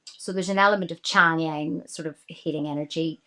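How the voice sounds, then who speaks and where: A woman's voice: sits low, steady tone, brisk, pushed and bright. A woman in her forties with a Northern Irish accent, a guest actress talking earnestly and emphatically in a casual interview. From Northern Ireland.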